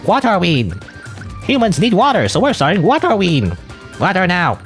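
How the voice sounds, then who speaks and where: A man's voice: high voice, huge pitch swings, moderate pace, soft background music, voice pushed up, heavily acted. A man voicing a group of grumpy costumed trick-or-treaters in a whiny, demanding way.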